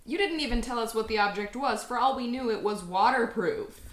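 Woman player, firm and dry, highish voice, echoey room. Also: a little fast. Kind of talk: in-character tabletop role-play. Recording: roomy echo.

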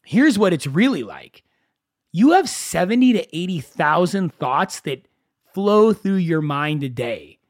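Animated man on a solo podcast. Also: sits high, a little slow, no echo, clean studio sound. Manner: conversational, animated storytelling with self-mocking asides. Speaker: podcast host.

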